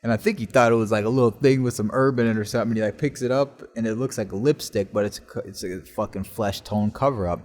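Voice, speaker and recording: A man's voice: on the low side, quick pace, few pauses, darkish tone. A man hosting his own podcast, telling rambling stories in casual talk and swearing constantly, recorded on a laptop in a basement workshop. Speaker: podcast host. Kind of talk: casual solo storytelling. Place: basement workshop in an old house.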